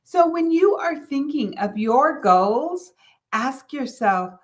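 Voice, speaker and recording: A middle-aged woman from California hosts a motivational business podcast. Her voice sits high. She tells a family story with lively, animated energy and acts out the people she quotes. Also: slow. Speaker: podcast host.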